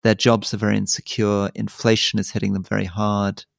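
A middle-aged man with a low, gravelly voice co-hosts a political podcast. The sound is dry and close, with no room around it. He explains at length and thoughtfully, adding soft asides as he goes. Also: flat delivery, fairly quick, no echo. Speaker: podcast co-host.

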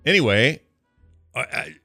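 Bright, lively male podcast host. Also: fairly high pitch, unhurried, gravelly, no room sound, clean studio sound, faint music behind. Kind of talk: casual chat.

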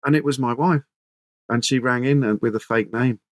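A man spins an animated anecdote in a casual interview, restarting his sentences as he goes. His voice sits at a mid pitch. The recording is close and dry. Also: normal speed, no echo. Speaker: radio presenter, guest.

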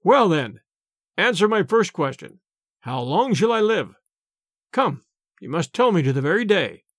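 Imperious king yelling at people, man doing the voice in a storybook, high and swoopy. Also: big pitch swings, unhurried, dry recording, studio quality, heavily acted. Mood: mocking. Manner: imperious, scolding. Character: proud, angry medieval king, grown man. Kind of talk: storybook character voice.

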